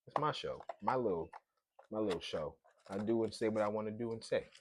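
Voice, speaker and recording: Talking briskly in a voice on the low side, this podcast host from Brooklyn, New York, riffs solo with slang and profanity. He's in his thirties with a Brooklyn accent, and the background is noisy.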